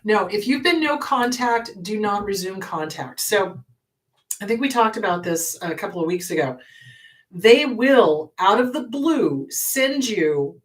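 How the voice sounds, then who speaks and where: A woman's voice: medium pitch, sing-song, unhurried, recorded from a distance. A woman therapist hosting an advice show, answering viewer questions in a blunt, emphatic way and repeating her key advice.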